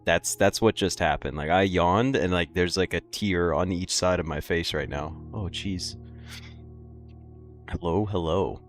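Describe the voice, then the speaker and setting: Low-pitched and unhurried, a weary young streamer talks casually with his audience while gaming, yawning and filling his rambling with ums. Faint music plays in the background.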